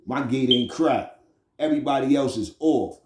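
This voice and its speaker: A middle-aged man with a New York accent casually telling a story about his prison time, streetwise and animated, with frequent "you know what I'm saying.". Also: medium pitch, moderate pace, echoey room, slight background noise. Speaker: storyteller recounting prison experiences.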